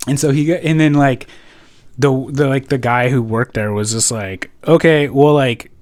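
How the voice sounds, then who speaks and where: A man's voice: mid-range voice, moderate pace, darkish tone, no room sound. A young man from California on a podcast, telling a story in a rambling, profane way full of filler words. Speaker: podcast co-host. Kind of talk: casual podcast chat.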